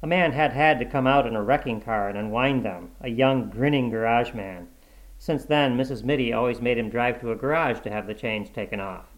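A man narrating a short story in a measured, even audiobook reading. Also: medium pitch, poor audio.

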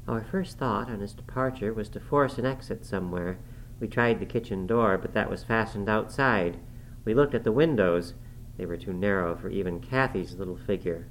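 A man reading a classic novel aloud in a measured, formal narrating manner. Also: fairly low pitch, a little hiss or hum, rough recording. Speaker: audiobook narrator.

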